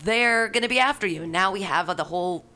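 A woman's voice: mid-range voice, animated, quick pace, bright, forceful tone, faint music behind. A woman, a comedian, on a radio chat, ranting sarcastically in a studio. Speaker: comedian guest.

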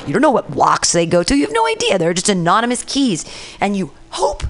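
A woman's voice: medium pitch, huge pitch swings, a little fast. A woman hosting a casual chat show, telling loose, rambling stories and acting out the quotes. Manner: rambling storyteller, acts out quotes. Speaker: comedian and podcast host.

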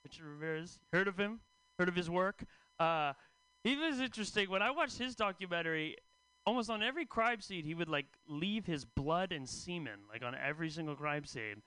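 A man's voice: high voice, animated, fairly quick, pushed and bright, clear, resonant tone, no echo, poor audio. A man doing a stand-up comedy set on a club stage in a dry, conversational way. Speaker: stand-up comic.

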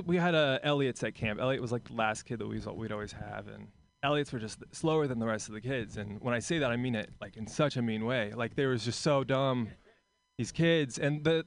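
A man's voice: medium pitch, gravelly, a little hiss or hum. A man performing stand-up comedy on a club stage, chatting with the crowd and acting out characters. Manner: crowd work, acts out kids in voices. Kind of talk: stand-up set.

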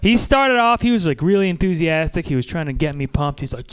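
A man's voice: sits high, animated, fairly quick, few pauses, clear, resonant tone. A man doing a rambling, self-deprecating stand-up set at an open mic, full of fillers and restarts. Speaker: stand-up comic.

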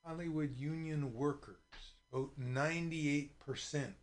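A man hosting a live radio show casually, halting with fillers as he goes. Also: fairly high pitch, steady tone.

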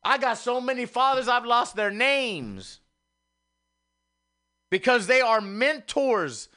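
A man with a very high, bright and sharp voice, hosting a radio talk show. He preaches in a fervent revival manner, dropping to soft murmurs and swelling back up. He sounds a little winded from the passion of it. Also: lively intonation, slow pace, clean tone. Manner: swings from hushed murmurs to rising revival-preacher exclamations. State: out of breath. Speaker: radio host. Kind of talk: impassioned preacher-style monologue.

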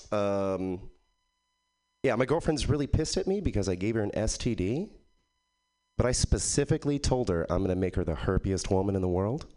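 A man from Texas doing a stand-up set at an open mic, with a loose, halting delivery full of ums. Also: on the low side, a little mellow. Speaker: stand-up comedian.

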